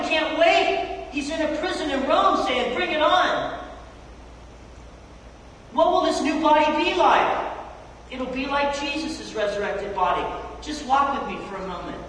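A preacher giving a sermon in a church sanctuary, animated and casual, acting out scripture scenes in slangy everyday talk. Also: sits high, normal speed. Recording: echoey church hall, distant mic, faint noise.

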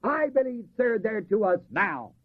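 Husky high-voiced preacher on a tinny recording. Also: male voice, lively intonation. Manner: asks the congregation to fill in words, slows to stress key phrases. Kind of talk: sermon.

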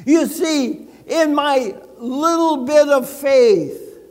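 An older man preaches slowly, drawing out his words with dramatic pauses and a wry, joking storytelling manner. His voice sits high for a man. The sound carries a long reverb from a church sanctuary. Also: a little mellow. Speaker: pastor. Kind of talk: sermon.

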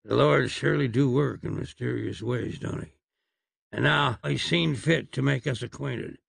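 A stern older frontier marshal with a slow, dry drawl, as a man narrating a storybook plays him. The voice is gravelly and intimate, close to the mic in a dead, dry space. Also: medium pitch, fairly bright tone, no room sound, full character voice. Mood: menacing drawl.

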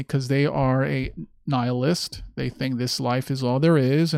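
A man's voice: medium pitch, creaky, a little mellow, no room sound, clean studio sound. A man hosting a podcast monologue, talking in a sardonic, mocking way. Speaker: podcast host. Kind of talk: monologue commentary.

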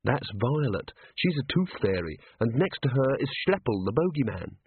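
A man voicing a calm, steady young female watch officer who speaks in a level, deliberate way. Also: mid-range voice, husky, heavily acted. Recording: tinny phone-like audio.

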